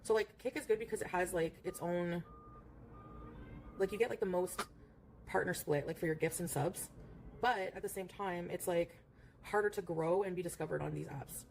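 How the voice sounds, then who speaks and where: A woman's voice: fairly low pitch, normal speed, a little mellow. Rambling woman streamer, faint room hum. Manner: rambling, many fillers, coos at her cat. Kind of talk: casual livestream chat.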